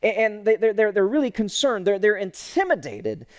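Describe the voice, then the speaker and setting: A pastor giving an online sermon, folksy and humorous, swinging from loud emphatic lines to hushed tender ones. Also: male voice, high voice, sing-song, normal speed. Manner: folksy and humorous, full of restarts.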